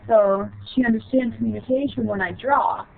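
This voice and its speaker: Woman storyteller, gravelly, halting short phrases; tinny phone-like recording. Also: a little high, steady tone. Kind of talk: personal childhood story.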